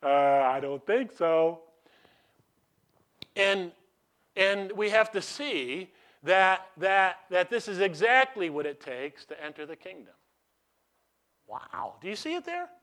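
A middle-aged man preaching a sermon as a pastor. He asks the congregation questions and lets them answer, and he swings between loud emphatic bursts and quiet asides. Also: high-pitched, lively intonation, takes it slowly, long pauses. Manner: call-and-response questions to the congregation.

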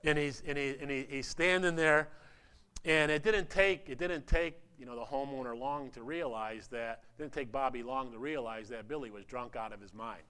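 A male pastor preaching a sermon in a halting, repetitive way, with a story woven in. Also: mid-range voice, bright, forceful tone, clear, resonant tone.

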